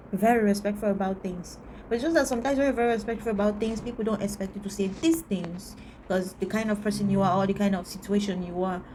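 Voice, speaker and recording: Woman, vlogger, average pitch, blunt and emphatic rant to camera, hammers her points home. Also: a little mellow, slight background noise. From Antigua.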